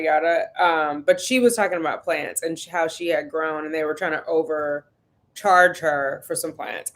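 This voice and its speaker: Brief: relaxed woman on a home livestream, slightly low pitch, chatty and easygoing, laughs easily. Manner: chatty and laid-back, laughs often, greets viewers by name. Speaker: vlogger hosting a livestream. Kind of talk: casual livestream chat greeting viewers.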